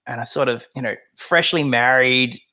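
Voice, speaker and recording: A man in his thirties with an Australian accent, telling animated stories in a casual chat and acting out the voices of people he quotes. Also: mid-range voice, normal speed. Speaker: guest.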